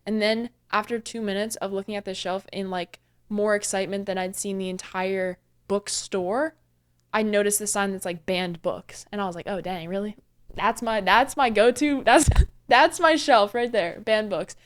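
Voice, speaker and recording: A woman's voice: medium pitch, steady tone, moderate pace, clean tone. A young woman in her twenties, hosting a casual book recap vlog, chatty and rambling, with lots of fillers and self-corrections. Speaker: booktuber host.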